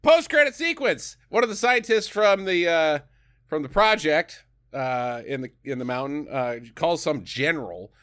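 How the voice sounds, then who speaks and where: A man recaps a schlocky movie for a podcast, swearing freely and joking as he goes. His voice is bright and slightly high, and it swings widely in pitch. The whole delivery is loose, casual and animated. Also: normal speed, clean tone. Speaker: podcast co-host.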